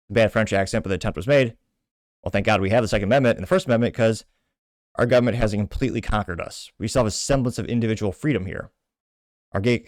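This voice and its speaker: A man's voice: lowish voice, no echo, clean studio sound. A man hosting a show, delivering indignant, emphatic political opinion commentary. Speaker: show host.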